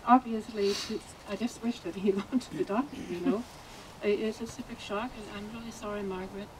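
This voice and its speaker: Woman, funeral speaker; mellow, halting delivery with fillers, faint noise behind. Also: medium pitch, steady tone, rough recording. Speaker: eulogy speaker, friend and landlord. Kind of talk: informal funeral eulogy.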